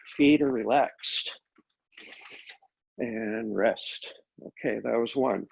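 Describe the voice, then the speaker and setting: A man teaching a Pilates class, calmly cueing each step of the exercises, recorded on a laptop microphone. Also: medium pitch, very slow, creaky, slightly rough, highs cut off. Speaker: Pilates instructor. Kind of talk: guided exercise class instruction.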